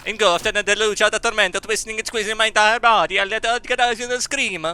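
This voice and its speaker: A man's voice: high voice, steady tone, brisk, pushed and bright, soft background music. A young man streaming a game, reading its dialogue aloud with stumbles and silly asides.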